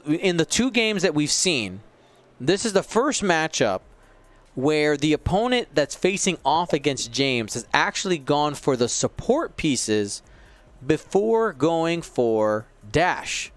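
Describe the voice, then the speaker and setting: Smooth-voiced male game commentator. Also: medium pitch. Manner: play-by-play, explaining rules, wry.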